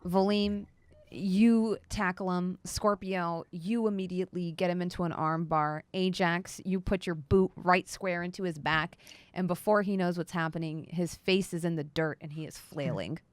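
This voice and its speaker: A woman narrating a tabletop game as game master, giving brisk, matter-of-fact rulings. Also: on the low side, fairly even intonation, clear, resonant tone, dry recording.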